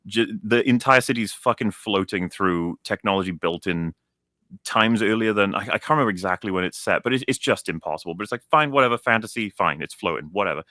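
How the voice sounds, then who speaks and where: A man's voice: fairly low pitch, animated, fast, pushed and bright, no room sound. A young man ranting in a casual show chat, heated and profane, often restarting his sentences. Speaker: co-host.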